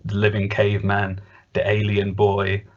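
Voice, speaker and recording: A man's voice: fairly low pitch, monotone, moderate pace. A man co-hosting a podcast, chatting casually with a rambling, hesitant manner full of fillers. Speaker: podcast co-host. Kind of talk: casual chat reviewing a cartoon. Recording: dull lo-fi podcast audio.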